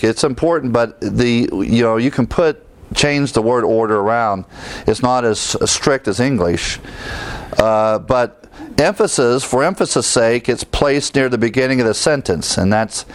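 A male preacher teaching through Bible verses, explaining them and asking his listeners rhetorical questions. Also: medium pitch. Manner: explains verse by verse, often pausing to restart.

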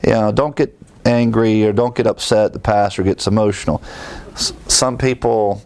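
A man's voice: mid-range voice, normal speed, clean tone. A male pastor preaching a sermon, shifting from explanatory teaching to emphatic, rising exhortations and quizzing the congregation with fill-in questions.

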